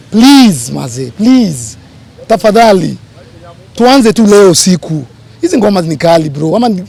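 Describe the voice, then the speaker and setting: A man's voice: sits high, gravelly, dark tone, breathy edge. A man with a Kenyan accent giving impassioned remarks to reporters, emphatic and pleading, repeating his appeals. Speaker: public figure addressing reporters.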